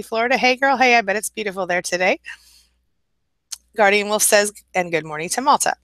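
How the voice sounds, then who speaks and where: A woman's voice: medium pitch, bright, forceful tone, no room sound. A middle-aged woman hosting a live stream, reading out viewer comments and greeting people in a chatty, welcoming way with frequent laughs. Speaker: host.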